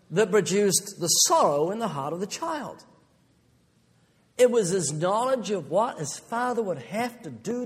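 A male preacher giving a sermon, emphatic and slowing down to stress his key points. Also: sits high, long reverb tail.

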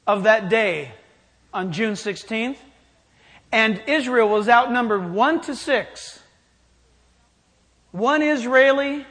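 A man's voice: extremely high pitch, fairly bright tone. A man preaching a sermon in an emphatic style, challenging his listeners directly. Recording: long hall reverb.

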